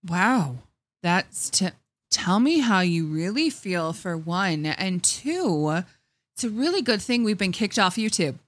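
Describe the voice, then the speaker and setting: A woman's voice: lowish voice, sing-song, slow, no echo, studio quality. A woman co-hosting a podcast, making sarcastic comments in casual chat. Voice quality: sarcastic, laughing asides. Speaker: podcast co-host.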